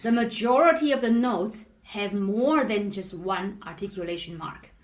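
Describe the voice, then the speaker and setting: A woman's voice: mid-range voice, expressive, normal speed, roomy sound. A woman piano teacher explaining patiently and checking in with "right?" after nearly every phrase. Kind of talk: live online piano lesson.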